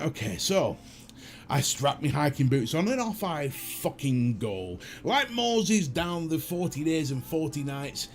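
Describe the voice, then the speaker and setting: A middle-aged British man hosting a livestream, telling a story in a casual, profane, self-mocking way. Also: a little high. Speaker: livestream host.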